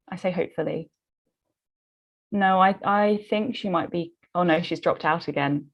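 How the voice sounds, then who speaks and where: Woman hosting an online panel, lowish voice, rambles with lots of um and like. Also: moderate pace, dull audio. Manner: rambling questions with many fillers. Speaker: host and moderator. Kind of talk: live online discussion.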